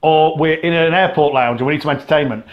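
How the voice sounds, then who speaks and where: A man from Britain with a slightly high voice tells stories as a podcast co-host. He laughs often and restarts his sentences as he goes along. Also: fast talker, highs cut off. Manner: animated storyteller, laughs often, many restarts. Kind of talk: casual chat.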